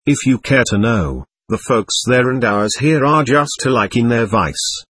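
A man's voice: mid-range voice, expressive, unhurried, fairly bright tone, breathy edge, dry recording. A man reading the part of a sullen, scornful young male servant who speaks in a curt, resentful way, in an audiobook.

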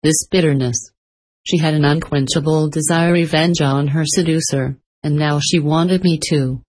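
A woman's voice: low-pitched, fairly even intonation, normal speed, a little mellow. A woman reading the lines of a bitter, guilt-ridden old man held in chains, in a storybook telling.

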